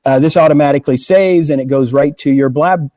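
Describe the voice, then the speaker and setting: Male host, upbeat and explanatory, mellow tone, dry sound. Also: fairly high pitch, brisk, dry recording, low-quality recording. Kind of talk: casual video chat.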